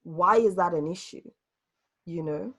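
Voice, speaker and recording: Host, woman, low-pitched, earnest and reflective, video-call chat. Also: a little slow, a bit bright. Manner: earnest and reflective, hesitant with restarts. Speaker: host leading a group discussion. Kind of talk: casual group discussion.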